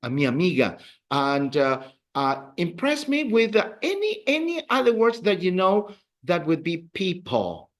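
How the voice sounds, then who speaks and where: A man's voice: high voice, huge pitch swings, a little slow, fairly bright tone. A man teaching a beginners' Spanish class in a classroom, patiently repeating words for the students to echo. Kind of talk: classroom language lesson.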